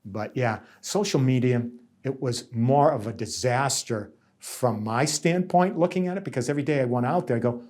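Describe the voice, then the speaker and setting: Interviewed about his work, a middle-aged nursing union negotiator from central Massachusetts tells reflective stories at a normal speed with hardly any pauses. His voice is middle-pitched with a darkish tone, and he is emphatic, circles back over his words, and mimics those he describes.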